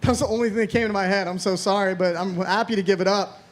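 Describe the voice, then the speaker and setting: A man's voice: sits high, fairly even intonation, quick pace. A man in his thirties from Florida doing a rambling, self-deprecating stand-up set, swearing freely. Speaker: stand-up comedian.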